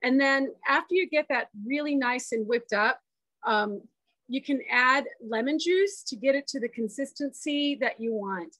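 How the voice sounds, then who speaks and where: A woman on a video call, describing a dessert she made in a relaxed, talkative way full of "um"s. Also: sits high, moderate pace, no echo. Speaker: guest sharing a dessert. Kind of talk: casual chat demo.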